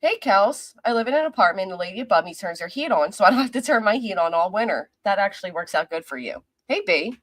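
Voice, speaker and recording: A woman's voice: mid-range voice, lively intonation, fast, few pauses, fairly bright tone, no echo. A woman hosting a livestream, chatting casually and friendly while reading out her viewers' names. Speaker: livestream host. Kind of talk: casual chat greeting live viewers. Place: apartment.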